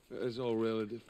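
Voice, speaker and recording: A gruff weary smuggler. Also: male voice, fairly low pitch. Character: gruff weary middle-aged male smuggler. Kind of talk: video game dialogue. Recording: game audio with background noise.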